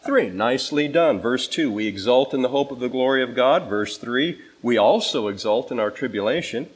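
Speaking at ordinary speed in a husky mid-range voice with lively intonation, this male pastor teaches through an expository sermon. He leans hard on key words as he reads scripture, and he gives his listeners assignments the way a teacher would. The recording is rough.

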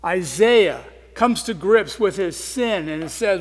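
A man preaching a sermon in an earnest way, swinging between loud emphasis and quiet, soft asides. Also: high-pitched, animated, slow. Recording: long reverb of a large hall.

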